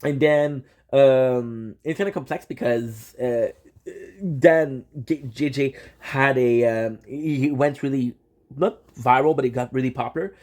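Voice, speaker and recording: A young man hosting his channel, excitedly recapping an anime in casual slang, with lots of restarts and swearing. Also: mid-range voice, a little slow. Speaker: channel host.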